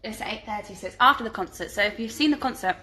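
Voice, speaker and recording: A woman's voice: medium pitch, racing, bright, forceful tone. A woman, chatting casually on a live stream from home and reading out viewer questions, giggly and full of ums. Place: home living room.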